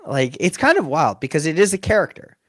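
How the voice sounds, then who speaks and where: Man, mascot performer, casual interview storytelling, animated, laughs a lot, dry close sound. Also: fairly high pitch, a little fast, no echo. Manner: animated, laughs often, acts out quotes.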